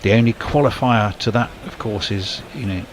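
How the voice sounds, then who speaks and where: A man giving ball-by-ball cricket commentary, measured and lifting on big shots, with faint background noise. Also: on the low side.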